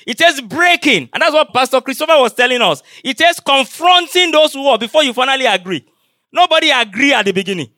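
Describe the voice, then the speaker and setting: A man's voice: very high-pitched, pushed and bright, dry recording, studio quality. A man preaching a sermon to his congregation, throwing rhetorical questions at them and repeating his key phrases.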